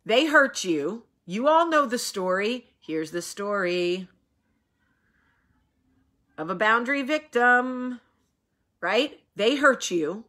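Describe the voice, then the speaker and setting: Bright, blunt woman with a cold. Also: on the high side, slow pace, pauses often. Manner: blunt, animated storytelling with quoted voices. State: coming down with a cold. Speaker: host. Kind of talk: casual chat.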